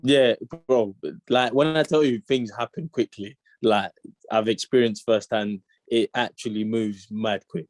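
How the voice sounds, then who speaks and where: A young man telling a story as an interview guest, animated and full of slang, acting out the lines of the people in it. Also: mid-range voice, a little slow, no room sound. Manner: animated slang-heavy storytelling, acts out quotes. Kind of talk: casual storytelling chat.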